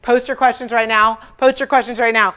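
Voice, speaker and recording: A woman's voice: fairly high pitch, fairly even intonation, fairly quick, sharp tone. A woman hosting a furniture painting livestream, chatting with viewers and telling stories with acted-out dialogue and self-deprecating humor. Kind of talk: casual livestream chat.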